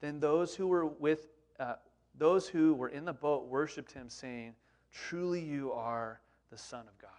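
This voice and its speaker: A man preaching a sermon in a conversational, animated way, with frequent rhetorical questions to the congregation. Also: medium pitch. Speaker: pastor.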